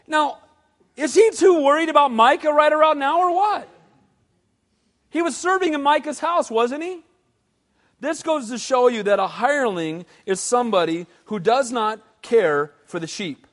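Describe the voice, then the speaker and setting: A man preaching a sermon as pastor, animated and asking the congregation questions. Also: very high voice, moderate pace, in a large hall. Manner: animated, asks the crowd questions.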